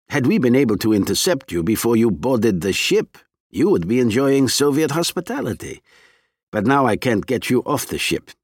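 A man's voice: medium pitch, no echo, studio quality. A man voicing a genial, coldly polite male Soviet agent in disguise, in an audiobook reading. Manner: polite, smooth, coldly courteous.

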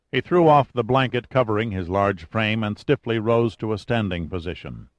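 A man narrating an audiobook with steady, even storytelling. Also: fairly low pitch, moderate pace, hardly any pauses, no room sound. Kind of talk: scripted narration.

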